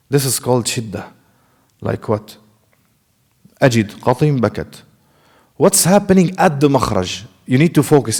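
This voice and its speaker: A man's voice: mid-range voice, a little mellow, long reverb tail. A man teaching a classroom lecture, explaining carefully, demonstrating sounds himself and asking the class rhetorical questions. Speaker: Quran recitation teacher. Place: mosque classroom.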